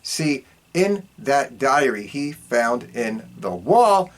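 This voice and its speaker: A man of middle pitch tells a film's plot as a casual podcast host. His delivery is animated, jumping high and dropping low for effect. He swears freely and leans on a stock catchphrase. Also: takes it slowly. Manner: animated storytelling with big pitch swings; profane, repeats a catchphrase. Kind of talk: casual movie recap.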